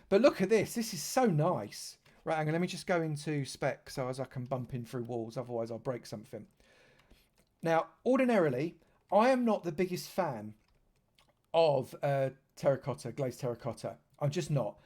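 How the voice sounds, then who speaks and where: A man's voice: a little high, lively intonation, normal speed, darkish tone. A man from London, giving chatty live commentary on a game stream and joking with dry sarcasm. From London, England.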